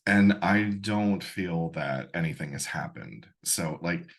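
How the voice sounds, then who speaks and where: Low-voiced male co-host, plain-spoken and skeptical. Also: slow pace, gravelly. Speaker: podcast co-host. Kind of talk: casual podcast chat.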